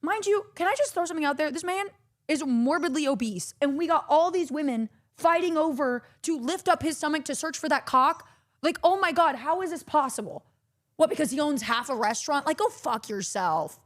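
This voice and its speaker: A woman's voice: sits high, a little fast. Profane woman telling a story. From Texas. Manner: breathless, profane, animated storytelling. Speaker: streamer. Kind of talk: story time chat.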